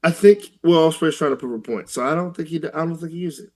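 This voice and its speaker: A man's voice: fairly high pitch, quick pace. A man co-hosting a casual podcast, laughing often and easygoing. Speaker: podcast co-host. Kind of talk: casual chat.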